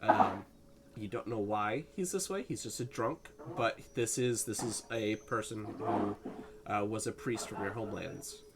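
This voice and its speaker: A man's voice: on the low side, a little slow, very noisy. A young man narrating a tabletop game as game master, laid-back and full of fillers and laughs. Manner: casual, laughing, filler-heavy.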